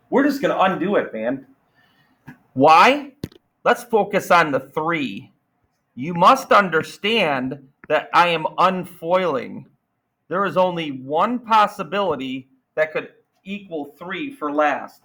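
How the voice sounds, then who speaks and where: A man teaching a math class, energetic and playful, firing questions at students. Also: fairly high pitch, a little slow, low-quality recording. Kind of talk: classroom lesson.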